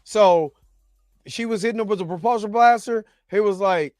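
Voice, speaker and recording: High-voiced man rambling through a show recap. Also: normal speed, a little mellow, no echo, clean studio sound, soft background music. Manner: rambling, loose slangy recap with frequent restarts and asides. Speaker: reaction show host. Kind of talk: casual episode recap and reaction.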